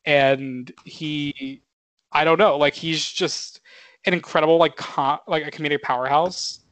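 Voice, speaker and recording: A man's voice: a little high, fairly even intonation, unhurried, fairly bright tone, dry recording. A man co-hosting a film podcast, talking casually with lots of fillers, swearing and laughing. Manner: rambling, filler-heavy, swears, laughs often. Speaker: podcast co-host.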